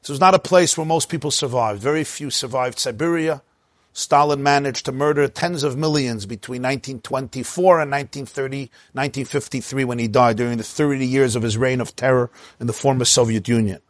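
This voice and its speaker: A man telling a story in an animated way, mixing in Hebrew and Yiddish words as he speaks. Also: mid-range voice, fairly quick, dry recording, studio quality. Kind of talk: storytelling talk.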